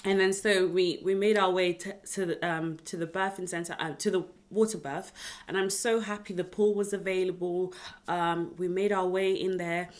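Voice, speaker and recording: Woman in her 20s with a British accent, casual storytelling vlogger who is expressive and talks straight to camera. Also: lowish voice, normal speed. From United Kingdom. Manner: chatty, expressive, speaks straight to viewers. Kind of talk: personal storytelling vlog.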